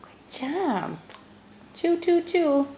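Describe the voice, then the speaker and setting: A woman's voice: very high-pitched, sing-song, very slow, dark tone, a little hiss or hum. A mother at home patiently coaxing her toddlers to sign, repeating simple words and praising each try.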